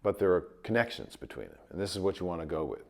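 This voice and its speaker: A man teaching trumpet in a casual video lesson, his voice a bit rough from a cold, explaining with light chuckles. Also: low-pitched, fast. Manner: relaxed explaining with light chuckles, sings sample tones.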